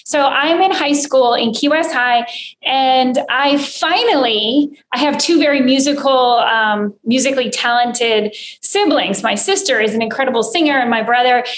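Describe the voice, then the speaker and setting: High-voiced woman in an echoey room. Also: moderate pace. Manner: hesitant, personal, lots of fillers. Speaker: podcast host. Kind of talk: casual conversation. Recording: echoey room with faint noise.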